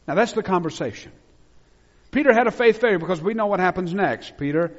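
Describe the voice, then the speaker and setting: A man preaching a sermon with a slightly raised pitch. He swings between loud, emphatic declarations and hushed, low passages. The sound is dull and lo-fi, with a long reverb from a church hall. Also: expressive, fast. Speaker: pastor.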